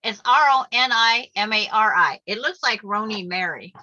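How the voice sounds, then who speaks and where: Bright-voiced older woman on a video call. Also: mid-range voice, lively intonation, moderate pace. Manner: chatty, storytelling, laughs easily. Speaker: craft channel host. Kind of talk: casual chat while crafting. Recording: muffled video call audio.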